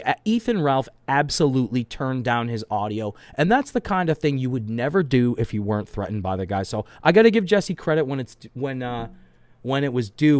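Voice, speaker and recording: A man's voice: medium pitch, darkish tone, no echo. A man casually commenting on a podcast clip, rambling and profane, often hesitating.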